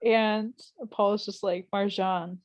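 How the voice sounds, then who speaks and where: A woman's voice: medium pitch, normal speed, a little mellow, dry recording. A young woman co-hosting a podcast, chatting casually and acting out quotes with lots of fillers. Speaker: podcast co-host. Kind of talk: casual chat recapping a TV episode.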